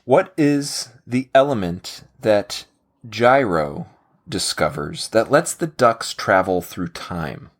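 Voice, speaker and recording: Low-pitched animated man hosting a trivia game. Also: slow pace. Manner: jokey, laughs often, animated quizmaster delivery. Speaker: podcast host running a trivia game. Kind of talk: casual podcast chat.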